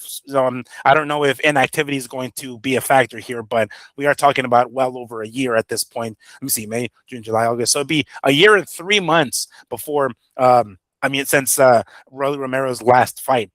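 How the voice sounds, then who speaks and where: A man's voice: mid-range voice, a bit bright, no echo. A man co-hosting a boxing show, talking loosely and profanely with many fillers. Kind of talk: casual podcast chat.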